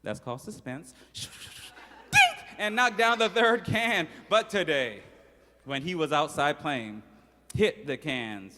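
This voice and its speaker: A man's voice: on the high side, expressive, a little slow, background noise. A man telling a story live to children in a playful, interactive way, coaxing the audience to join in. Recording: long hall reverb.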